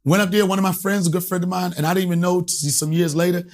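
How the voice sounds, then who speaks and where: A stand-up comedian from Alexandria, Virginia, telling profane stories as a guest and acting out the voices in them. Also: male voice, high-pitched, steady tone, quick pace. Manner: profane, acts out voices in anecdotes. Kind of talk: animated storytelling.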